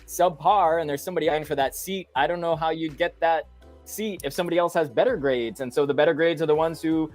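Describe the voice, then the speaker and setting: A man who teaches college classes, co-hosting a casual live stream in a jokey, animated way. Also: on the high side, fast, faint music behind. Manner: jokey, animated, talks to chat. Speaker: college instructor co-host.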